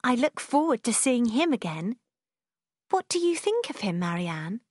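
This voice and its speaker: An excitable young girl from a storybook, as a woman reader puts her on. Her voice leaps high with excited cries. She sounds slightly further from the mic. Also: normal speed, no echo, clean studio sound. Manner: excited exclamations.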